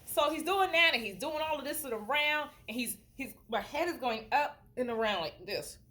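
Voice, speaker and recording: A woman's voice: high-pitched, animated, normal speed, pushed and bright, slight background noise. A woman vlogger telling a funny story casually to the camera, laughing often, recorded on a handheld phone.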